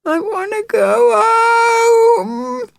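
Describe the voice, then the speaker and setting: A woman voicing a tearful little evacuee girl who wails and sobs in a high voice. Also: steady tone, very slow, gravelly, dry recording, clean studio sound, exaggerated voice. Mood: weepy. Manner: high wailing sobbing voice.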